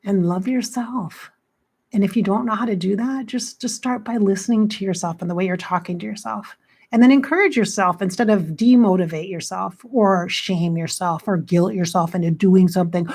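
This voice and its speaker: A woman's voice: mid-range voice, moderate pace, darkish tone. Frank, blunt woman life coach. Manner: frank, blunt, swears freely; chatty, quotes herself with "I'm like". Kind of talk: casual motivational talk to camera.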